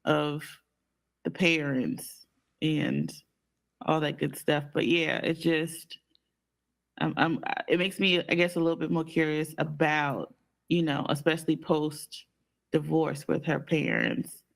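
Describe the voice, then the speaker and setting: A man's voice: a little high, slow pace, creaky, a bit bright. A man co-hosting a podcast in casual chat, telling stories and acting out the people in them. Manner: storytelling, acts out quoted people. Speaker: podcast co-host.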